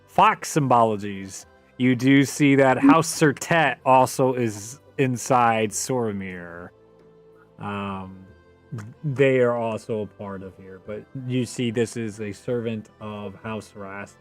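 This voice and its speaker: A man's voice: medium pitch, takes it slowly, soft background music. A man running a tabletop game as game master, casual and profane, with many fillers.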